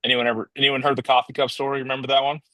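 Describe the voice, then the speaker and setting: A man's voice: medium pitch, little pitch movement, very fast, pushed and bright, no room sound. A man telling a motivational story in a casual, rambling way, often restarting and calling his listeners guys.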